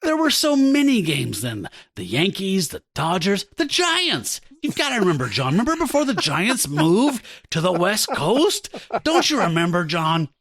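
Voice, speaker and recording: A man's voice: high-pitched, huge pitch swings, normal speed, hardly any pauses, a bit bright, no room sound, studio quality, pitched above the performer's own voice, exaggerated voice. A man doing a pleading older father. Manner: pleading, earnest. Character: pleading, sentimental older father, a gruff newspaperman.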